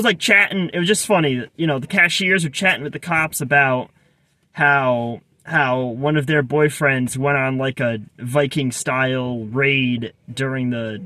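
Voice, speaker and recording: A man's voice: medium pitch, bright, forceful tone. A man casually telling a personal story, rambling with many restarts and asides. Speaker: vlogger.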